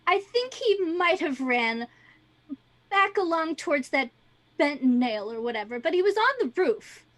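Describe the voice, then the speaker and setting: A woman's voice: sits high, very animated, a little slow, a bit bright, full character voice. A woman voicing a flustered, rambling female townsperson who witnessed an attack, in a tabletop game. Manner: flustered, repetitive, dramatic.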